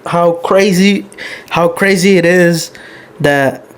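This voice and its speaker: A young man hosting a casual podcast, his voice sitting a little higher than most men's. He tells personal stories openly and with feeling, dropping curse words freely as he goes. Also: takes it slowly, clean tone. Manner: candid, emotional storytelling, heavy swearing. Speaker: podcast host.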